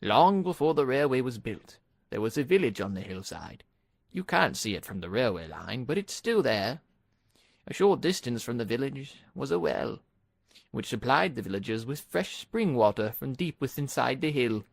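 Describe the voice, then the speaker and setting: A man voicing a calm, wise old male engine who tells a tale in a measured way in a storybook reading. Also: mid-range voice, vocal fry, no echo, clean studio sound.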